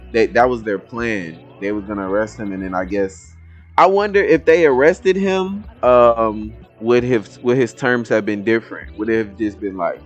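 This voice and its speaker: A man hosting a casual comic reaction video, talking to viewers in a swearing, animated way. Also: lowish voice. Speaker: reaction channel host.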